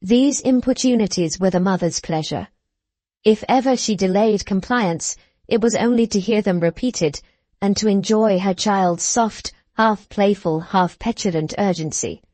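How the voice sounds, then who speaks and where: A woman narrating a classic novel as an audiobook, in an even, unhurried storytelling manner. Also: medium pitch, dry recording. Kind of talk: scripted narration.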